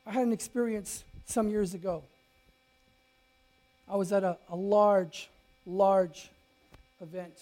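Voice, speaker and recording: Storytelling preacher with swinging loudness. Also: male voice, high voice, slow, pauses often. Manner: storytelling, lively swings from loud to quiet, many restarts. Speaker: pastor. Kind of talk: sermon.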